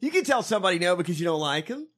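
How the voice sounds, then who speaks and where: A man co-hosting a casual commentary chat with a high, bright voice. His pitch swings widely as he jokes, swears freely and mocks the news. He laughs often. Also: very animated, racing. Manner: profane, mocking, laughs often. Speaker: co-host.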